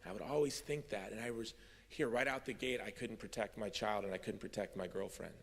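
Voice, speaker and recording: A man's voice: fairly low pitch, brisk, creaky, slightly rough. A middle-aged man giving a personal testimony speech at a convention, telling his story with wry humour that turns earnest. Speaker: convention speaker. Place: large hall. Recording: long hall reverb.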